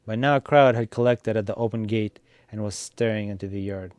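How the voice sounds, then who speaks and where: Brief: male story reader, low-pitched, relaxed narration, occasional slips. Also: no room sound. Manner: unhurried, small slips. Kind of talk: reading a story aloud.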